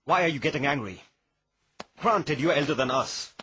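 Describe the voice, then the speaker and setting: A man's voice: on the high side, lively intonation, moderate pace, pushed and bright, slight background noise. An actor playing a stubborn young kinsman in a dubbed film, firm and defiant.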